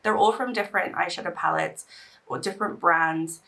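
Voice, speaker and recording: A woman's voice: lowish voice, normal speed, gravelly, bright, forceful tone. Girl chatting thru her makeup, kinda teary and emotional, sounds a bit far from the mic. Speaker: beauty vlogger. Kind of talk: casual get-ready-with-me chat. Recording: voice a little off-mic.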